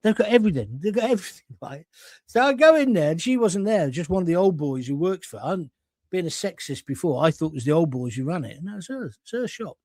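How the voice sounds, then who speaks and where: An older Englishman with a fairly high voice hosts a live-stream chat show. He rambles through jokey anecdotes and pokes fun at himself. The sound is close and dry, with no room echo. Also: sing-song, fast, darkish tone. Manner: jokey, rambling storyteller with self-mocking asides.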